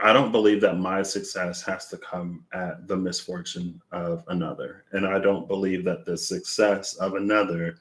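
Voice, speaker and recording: A man's voice: low-pitched, fairly bright tone. A man doing a tarot reading, thinking aloud in a rambling, searching way with lots of fillers. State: out of breath. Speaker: tarot reader. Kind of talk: reflective casual monologue.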